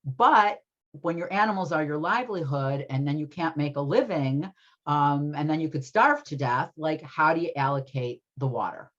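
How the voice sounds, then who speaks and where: Low-pitched woman teaching a class over video call, chatty, lots of ums and "right?", kinda muffled audio. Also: expressive, moderate pace. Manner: chatty, many fillers, keeps asking "right?". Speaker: teacher of an adult ethics class. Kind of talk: conversational online class lecture.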